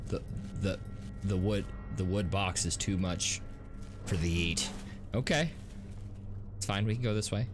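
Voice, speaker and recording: A man hosting a gaming video, commentating a let's play in an excitable way, gasping and laughing as he plays. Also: low-pitched, unhurried, pauses often, noisy background. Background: game music.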